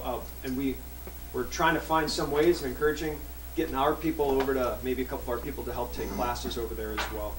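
A man's voice: mid-range voice, a little hiss or hum. A man introducing a guest speaker at church in an informal, hesitant way, with many fillers. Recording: echoey room, distant mic.

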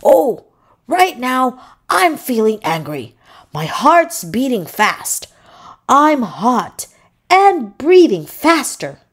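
A woman's voice: a little high, very animated, extremely slow, voice pushed up, full character voice. A woman voicing a hot-tempered young male pufferfish who grumbles and sulks. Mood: upset. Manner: grumbling, sulky, raised voice.

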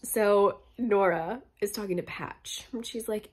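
A young woman giving a casual, sarcastic book recap with a slightly hoarse voice, chatting and swearing as she goes. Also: mid-range voice, a little slow, few pauses. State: voice going hoarse. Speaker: book reviewer.

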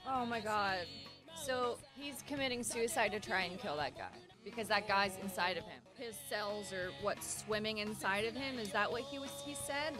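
A woman streaming at home as an anime reaction streamer, talking casually and exclaiming and laughing a lot, with faint show audio behind her. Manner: highly expressive, exclaiming and laughing. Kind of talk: casual live reaction commentary.

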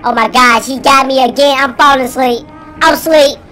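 A squeaky chipmunk gamer. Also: male voice, a little fast, soft background music. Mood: panicky yelping. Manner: panicky, excitable, slangy banter. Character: squeaky chipmunk gamer boy, jittery and jokey. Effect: pitch-raised chipmunk voice. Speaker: gaming commentator. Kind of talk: let's-play commentary.

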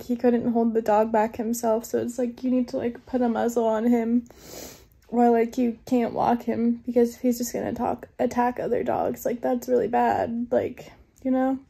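A young woman talks to her camera in a loose, rambling way, full of "like" and "um". She sounds shaken and upset. Her voice sits high but barely moves, with a husky, mellow tone. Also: flat delivery, measured pace. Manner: rambling, many fillers like "like" and "um". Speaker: vlogger. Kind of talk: casual vlog talk.

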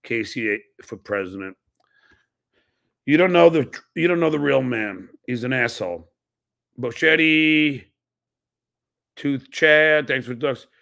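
Gravelly, bright, and forceful, this podcast host's mid-range voice is animated yet a little slow, with frequent pauses. During casual live-stream chat he reads out viewer donations and fires back blunt, profane replies.

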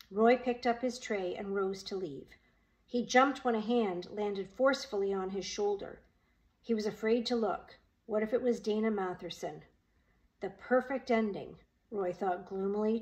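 A woman's voice: a little high, a little mellow, poor audio. A woman reading a children's novel aloud, giving each character a voice of their own. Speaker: audiobook reader. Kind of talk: storybook narration with character voices.

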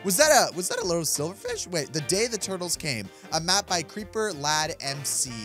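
Excitable male game host, high and bouncy voice, reacts loudly while reading the game out. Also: brisk, over music. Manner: excitable, reads game text aloud and reacts. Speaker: gaming video host. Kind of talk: excited gameplay commentary.

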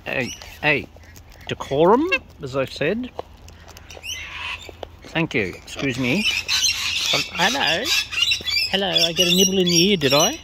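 A woman's voice: low voice, animated, moderate pace, long pauses, noisy background. A woman talking playfully to wild birds outdoors while she feeds them, coaxing and teasing them. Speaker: bird feeder, channel host. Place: outdoors in a yard among feeding birds. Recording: loud squawking birds behind.

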